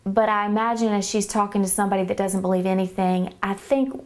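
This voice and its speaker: A woman earnestly telling her faith testimony, halting often with fillers as she talks. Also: mid-range voice, fairly even intonation. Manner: earnest, hesitant, many fillers. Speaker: church member giving testimony.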